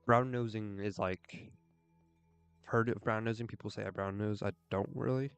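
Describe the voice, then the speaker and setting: A young man with a fairly low voice chats casually while he plays, drifting from thought to thought in an earnest, rambling way. Faint game music sits quietly behind him. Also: fairly even intonation, moderate pace, smooth, dry recording. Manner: earnest, rambling, with frequent "like" fillers. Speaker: streamer.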